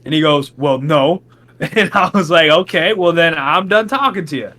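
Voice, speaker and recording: A young man on a casual podcast, telling a long story and acting out the quotes with big jumps in his voice. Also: moderate pace. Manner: animated, acts out quotes with big pitch jumps. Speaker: podcast co-host.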